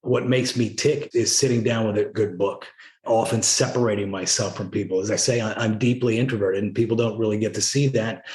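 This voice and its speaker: A man's voice: lowish voice, brisk, roomy sound. A middle-aged man, a former Navy SEAL, telling stories in a casual interview. He leans on "right?" and "you know" as he talks. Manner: animated storyteller, frequent "right?" and "you know". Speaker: podcast guest, former Navy SEAL leader.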